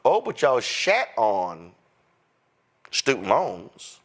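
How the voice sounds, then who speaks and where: Male host, sarcastic and fiery, unhurried and emphatic. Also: mid-range voice, huge pitch swings, a bit bright. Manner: fiery, sarcastic, mocking impressions. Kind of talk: animated political commentary.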